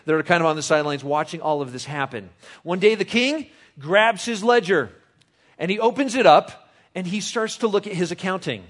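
A middle-aged man delivers a sermon with a somewhat high voice. He talks to the congregation casually, teasing them and asking them questions. He moves between reading scripture aloud and explaining it in his own words. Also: lively intonation, moderate pace, fairly bright tone. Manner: conversational, jokes with the congregation. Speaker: pastor.

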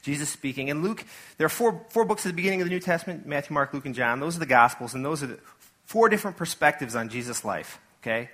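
Guy preaching at church, bright fairly high voice, chatty and loose with lots of asides. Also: quick pace. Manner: conversational, animated preaching with asides and acted-out quotes. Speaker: pastor. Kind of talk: sermon.

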